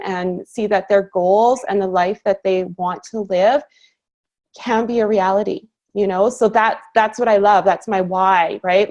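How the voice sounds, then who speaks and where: A woman's voice: medium pitch, a little mellow. A woman in her thirties from Canada, the guest on a training call, telling her personal story in an earnest, enthusiastic, chatty way with frequent laughs. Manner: earnest and enthusiastic, laughs easily, many "you know"s. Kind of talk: personal story in casual conversation.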